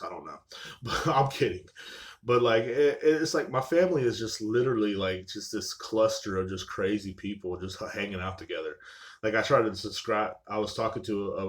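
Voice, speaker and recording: Rambling, profane young man, low voice. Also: normal speed. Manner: rambling, profane, filler-heavy with "like" and "you know what I'm saying". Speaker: podcast host. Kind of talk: casual solo podcast storytelling.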